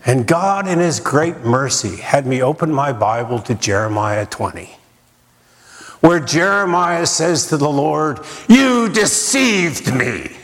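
A man's voice: medium pitch, lively intonation, measured pace, fairly bright tone. A man preaching a sermon in a dramatic way, with rhetorical questions and repeated lines for emphasis. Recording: long reverb of a large hall.

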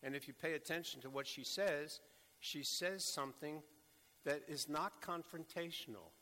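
A man preaching a sermon, speaking slowly and deliberately with bursts of urgent emphasis. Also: on the high side, sharp tone. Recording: echoey hall with long reverb.

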